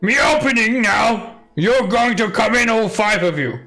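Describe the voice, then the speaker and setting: A man's voice: animated, measured pace, sharp tone, faint music behind, full character voice. A man voicing a dim-witted male orc guard who speaks in broken, simple sentences. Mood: slow-witted. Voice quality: deep, broken simple speech.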